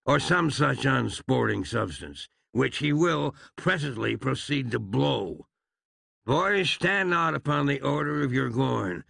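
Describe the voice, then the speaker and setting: A man's voice: mid-range voice, vocal fry, bright, forceful tone, husky, no room sound, exaggerated voice. A man voicing Pa, a scheming old outlaw father who drawls in frontier speech. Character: gruff old male outlaw patriarch, scheming.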